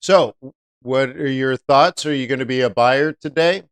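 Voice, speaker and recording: A man's voice: mid-range voice, normal speed, smooth, dry recording. A man hosting a live-stream trading lesson, chatty, often asking viewers rhetorical questions. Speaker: trading educator.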